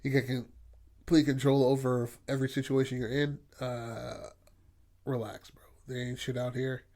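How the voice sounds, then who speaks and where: A man puts on a scared young woman lost at night, muttering to herself in slang and curses. She swears to calm herself down and keeps talking. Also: medium pitch, a little slow, close to an everyday voice. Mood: panicky. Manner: jittery, swearing, slangy self-talk. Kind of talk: casual retelling of a story idea.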